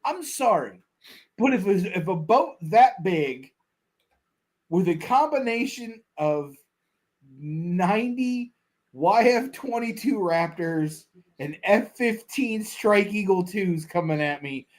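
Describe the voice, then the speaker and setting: A man's voice: high-pitched, slow. A man co-hosting a podcast, joking around and telling stories in casual sports chat. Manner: joking, animated storyteller. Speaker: podcast co-host.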